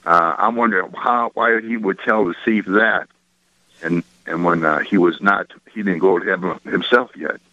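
Halting deep-voiced male caller on phone line. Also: fairly even intonation, bright, forceful tone, no echo. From Michigan. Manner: hesitant, many uh's, halting restarts. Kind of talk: phoning in a question.

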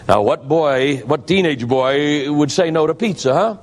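A man's voice: expressive, moderate pace, few pauses. A man preaching a sermon, telling a story in a dramatic, emphatic way. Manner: dramatic, emphatic, shifts pitch for effect. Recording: long hall reverb.

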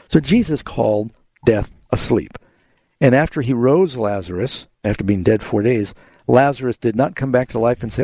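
Gravelly man hosting a Bible call-in show. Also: medium pitch, expressive, normal speed, mellow, dry recording. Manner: confident, explanatory, quotes scripture. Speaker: radio Bible program host. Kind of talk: call-in radio Bible answers.

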